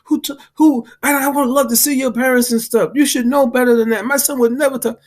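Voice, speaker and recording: A man's voice: very high-pitched, fairly even intonation, fairly quick, voice pushed up. A man voicing a prim middle-aged mother who lectures a young man on his manners. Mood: indignant. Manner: indignant, lecturing.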